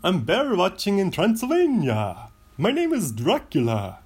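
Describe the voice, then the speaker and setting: A man doing a goofy high-pitched vampire count. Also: huge pitch swings, unhurried, husky, heavily acted. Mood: hammy. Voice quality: high, loud, breaking into laughter. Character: goofy male vampire count, bear-obsessed. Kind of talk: comic impression.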